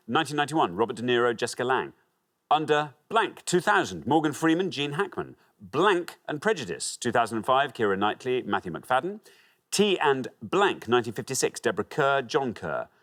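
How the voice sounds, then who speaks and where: A man's voice: mid-range voice, fairly bright tone. A man hosting a TV quiz show, chatty and jovial with the contestants. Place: TV studio.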